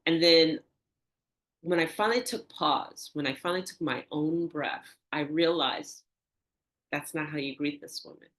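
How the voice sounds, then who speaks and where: An older woman, a guest in an interview, telling a personal story with animated, acted-out dialogue and soft, hushed reflective moments. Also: measured pace. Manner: animated, acts out quoted dialogue with rising pitch. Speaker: interview guest, energy healer.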